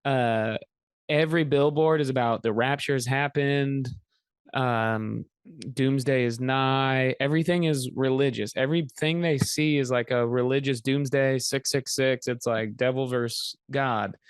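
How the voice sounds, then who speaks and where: A man's voice: medium pitch, steady tone, unhurried, clean tone, dry recording, studio quality. A man in his thirties co-hosting a casual film podcast, blunt and crude, cutting in with teasing jabs. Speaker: podcast co-host. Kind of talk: casual film-review chat.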